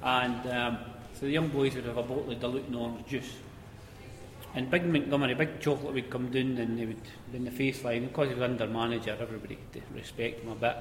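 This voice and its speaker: A man's voice: mid-range voice, fast. Scottish man, easygoing storyteller, roomy hall, faint background hum. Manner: conversational, relaxed, repeats words as he goes. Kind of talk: spoken anecdote of mining days. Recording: echoey hall with faint ambience.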